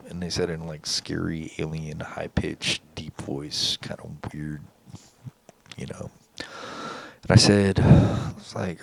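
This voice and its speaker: A man with a low, creaky voice speaks at a slightly slow pace in a steady tone, with no room sound. He rambles intensely through a casual monologue about an encounter, swearing often.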